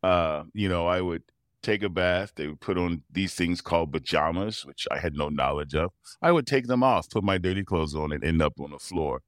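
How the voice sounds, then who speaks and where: Deep-voiced man telling lively stories. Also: normal speed, no room sound, studio quality. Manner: animated storyteller who acts out quoted voices and laughs often. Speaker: interview guest, professional tuba player. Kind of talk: storytelling in a casual interview.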